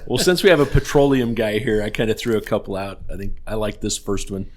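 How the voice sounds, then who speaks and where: A man with a low voice chats on a relaxed podcast. He is jokey and quick with gags. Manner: jokey, chatty. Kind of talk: casual chat.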